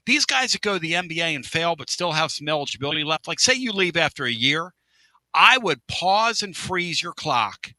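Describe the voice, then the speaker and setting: A middle-aged man hosting a casual sports radio show, joking, with loud outbursts and drawn-out catchphrases. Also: on the high side, sing-song, no echo.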